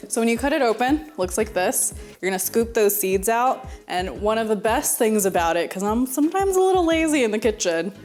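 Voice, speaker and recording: A woman's voice: on the high side, expressive, a little fast, hardly any pauses, a little mellow, soft background music. A young woman from Houston hosting a casual cooking tutorial, chatty and prone to giggling as she walks through a recipe. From Houston, Texas. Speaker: cooking show host.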